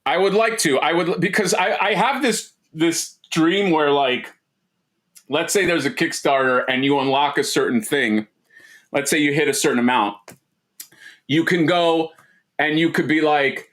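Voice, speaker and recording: Man, somewhat high voice, rambling, joking, casual livestream chat, desk mic. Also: unhurried, a bit bright. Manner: rambling, joking, many restarts and fillers. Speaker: co-host.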